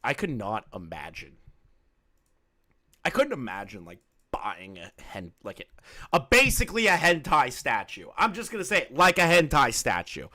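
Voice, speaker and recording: A man's voice: mid-range voice, huge pitch swings, normal speed, pushed and bright. A man giving sarcastic, swearing commentary on a played call recording, often laughing. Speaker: commentary youtuber.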